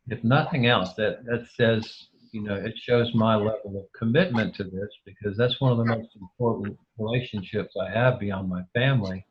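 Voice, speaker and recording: A man's voice: lowish voice, moderate pace, hardly any pauses, highs cut off, slight background noise. A man being interviewed over a video call, speaking hesitantly with many restarts and fillers. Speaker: interview guest.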